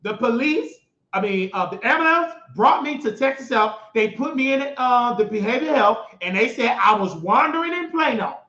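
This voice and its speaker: High-voiced man ranting in an echoey room. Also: expressive, moderate pace. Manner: emphatic, repetitive, bursts into shouting. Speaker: host. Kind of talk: animated storytelling monologue. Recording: echoey, dull lo-fi recording.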